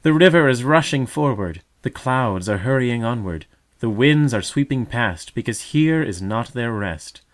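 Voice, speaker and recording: A man voicing a gentle, hopeful mother songbird in a storybook, tender and earnest, his voice lifted well above his own. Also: medium pitch, animated, unhurried, lightly acted. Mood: fervent.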